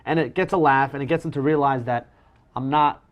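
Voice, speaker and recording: A man talks fast and loosely, jumping between thoughts with restarts and little jokes at his own expense. The sound is dull and slightly lo-fi, like a low-grade stream. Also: steady tone. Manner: chatty, self-deprecating, many restarts. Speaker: professional magician guest. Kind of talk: casual conversational chat.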